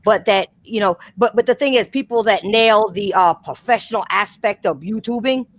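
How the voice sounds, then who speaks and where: A woman hosting a podcast launches into a heated, casual rant, blunt and full of profanity, repeatedly addressing her listeners directly. Her voice is mid-range at normal speed, with no room sound.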